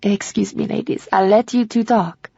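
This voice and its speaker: A woman's voice: mid-range voice, steady tone, moderate pace, gravelly, dark tone, breathy edge, no room sound, highs cut off. A woman voicing a cheerful, motherly French housekeeper with a heavy French accent. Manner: enthusiastic, motherly.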